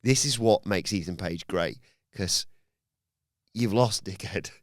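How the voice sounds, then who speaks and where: A man's voice: deep voice, slow pace, no room sound, clean studio sound. A man hosting a podcast, recapping a wrestling show in casual chat and acting out the wrestlers' lines as he tells it. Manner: animated storytelling with acted-out quotes. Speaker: podcast host.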